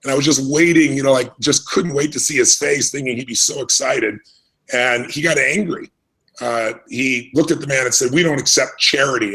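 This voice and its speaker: A man's voice: medium pitch, vocal fry, a bit bright, slightly rough, poor audio. A middle-aged American man telling his life story as an interview guest, earnest and reflective, often restarting his sentences. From United States. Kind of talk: conversational storytelling.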